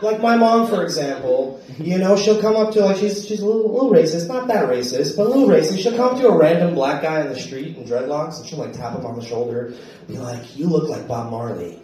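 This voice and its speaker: Guy from wyoming doing standup, pretty high voice, big echoey club sound, kinda distant. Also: animated, a little fast, slight background noise. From Wyoming, USA. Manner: loud, punchy delivery with shouted bursts. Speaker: stand-up comedian. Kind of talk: stand-up comedy set. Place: comedy club stage. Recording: roomy club sound from off-mic. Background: audience laughter.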